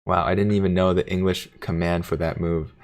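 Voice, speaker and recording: A man's voice: deep voice, little pitch movement, fairly quick. A man hosting a casual livestream, reading viewer comments aloud in a jokey, playful way. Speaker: livestream host reading chat.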